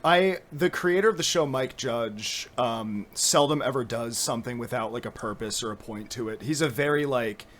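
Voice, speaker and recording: A man hosting a podcast in casual chat, animated and giggly, rambling between thoughts. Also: medium pitch, normal speed, hardly any pauses. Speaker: podcast host.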